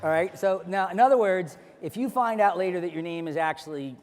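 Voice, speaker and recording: A man working as a stage hypnotist, giving rapid, repetitive suggestions and playfully commanding volunteers in front of an audience. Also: high voice. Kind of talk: live hypnosis stage show. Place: large hall before an audience. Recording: echoey hall, live stage.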